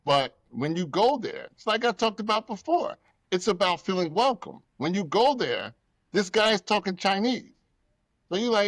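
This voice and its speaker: A man's voice: high voice, moderate pace, no echo. A man hosting a casual podcast, telling stories with lots of feeling, acting out the people in them and swearing freely. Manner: animated storytelling, acts out people, swears freely. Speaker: podcast host.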